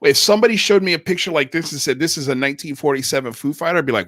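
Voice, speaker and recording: A man's voice: high voice, expressive, fast talker, hardly any pauses, fairly bright tone, dry recording. A man hosting a livestream, talking loosely with lots of fillers and casual slang. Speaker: livestream host.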